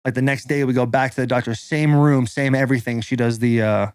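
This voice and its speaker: A man's voice: medium pitch, fairly even intonation, a little fast, a little mellow, smooth, no room sound, studio quality. A man in his thirties, a podcast host, telling a personal story in a loose, casual way, swearing and saying "like" constantly. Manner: loose and profane, full of "like" fillers.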